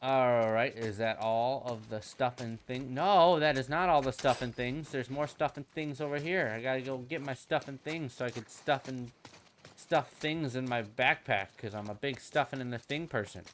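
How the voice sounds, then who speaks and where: A young man talking over his gameplay in a loose, rambling way, swearing freely and joking to himself. His voice sits at an ordinary middle pitch, with a faint hiss and the odd click of buttons underneath. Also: normal speed. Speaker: gaming channel host. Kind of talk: casual gameplay commentary.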